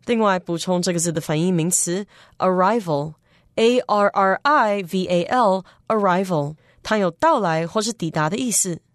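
Woman teacher, vocabulary explainer, measured delivery, dry studio sound. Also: on the low side, dry recording. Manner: measured, spells words out slowly. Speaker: language teacher. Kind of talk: explaining English vocabulary in Mandarin.

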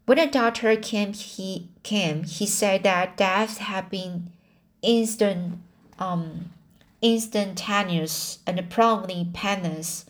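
Woman reading a novel aloud, very slow, hesitant, fillers and restarts, mid pitch. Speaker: audiobook reader.

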